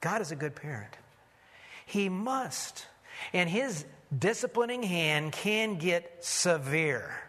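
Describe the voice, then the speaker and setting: Emphatic high-voiced preacher in a reverberant hall. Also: male voice, sing-song, slow. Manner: emphatic, drops low and quiet for warnings, calls for congregation response. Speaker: pastor. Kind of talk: sermon.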